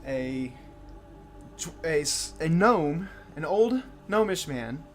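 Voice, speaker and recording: A man narrating a tabletop game as game master, relaxed with frequent fillers. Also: fairly high pitch, takes it slowly, faint music behind.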